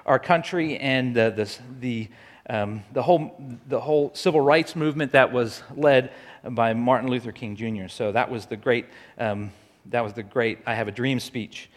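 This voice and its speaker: Speaking casually to a crowd, a man breaks up dramatic recitations by quizzing his listeners, often using fillers and starting over. He has a medium-pitched voice at normal speed, echoing with the long reverb of a big hall.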